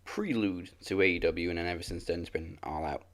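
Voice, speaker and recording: Low-voiced man on a podcast. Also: fairly quick, fairly bright tone. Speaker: podcast co-host. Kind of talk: casual podcast chat.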